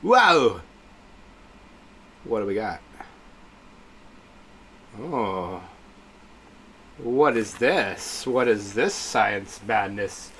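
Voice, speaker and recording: A man's voice: on the low side, expressive, extremely slow, long pauses, a bit bright, slight background noise. A man streaming live, reacting to announcements with gushing exclamations and greeting his chat viewers.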